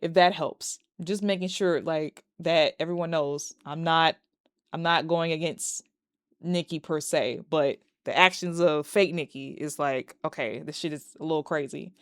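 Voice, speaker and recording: A woman recapping a horror movie in a casual, animated and profane way, breaking into laughs. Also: sits low, unhurried, clear, resonant tone, no echo, studio quality. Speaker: movie reviewer.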